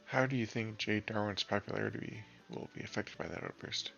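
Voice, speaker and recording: A man's voice: fairly low pitch, brisk, vocal fry, pushed and bright, lo-fi sound, soft background music. A man voicing a showy, upbeat male on-the-scene reporter. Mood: breezy. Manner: breezy, showy.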